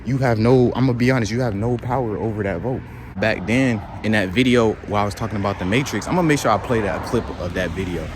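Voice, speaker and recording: Low-voiced rambling vlogger man. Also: fast talker, noisy background. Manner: slangy, rambling, repeats fillers. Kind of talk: casual commentary.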